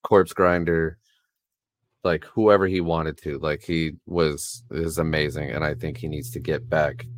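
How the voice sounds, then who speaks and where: Guest musician with a very low voice, laid back, swears a lot, dry sound. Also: male voice, steady tone, a little slow, no room sound. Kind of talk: casual chat.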